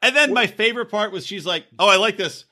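Bright, animated male podcast co-host. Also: high voice, fast. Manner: animated, acts out quotes, crude jokes. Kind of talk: casual chat recapping reality TV.

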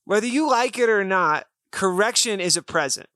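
Man, podcast co-host, high voice, earnest explainer, dry studio sound. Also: animated, moderate pace, sharp tone, dry recording. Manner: earnest, explains with everyday examples. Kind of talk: casual faith podcast chat.

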